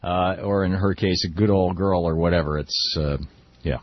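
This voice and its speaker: A man hosting a political call-in radio show, opinionated and quick, often restarting his sentences. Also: sits low, fairly even intonation, no room sound, lo-fi sound. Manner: opinionated, fast with frequent restarts. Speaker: radio talk show host.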